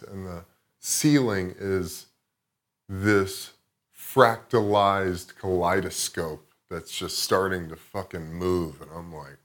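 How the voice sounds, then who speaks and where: Low-voiced man telling a rambling story. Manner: profane, rambling, reflective. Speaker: podcast guest. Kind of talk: casual storytelling chat.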